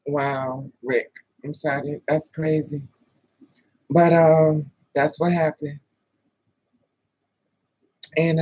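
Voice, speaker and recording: Husky-voiced woman telling a frank story. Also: low-pitched, dark tone, no room sound, poor audio. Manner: rambling, frank, street-casual. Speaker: guest talking to the host. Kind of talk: candid personal storytelling.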